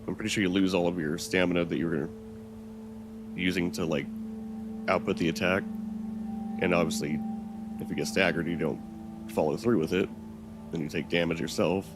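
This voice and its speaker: A man with a very low voice talks through his game in a loose, rambling way, thinking aloud and swearing now and then. The recording has a clear layer of background noise under his voice. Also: steady tone, normal speed, pauses often. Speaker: gaming channel host. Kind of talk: casual let's-play commentary.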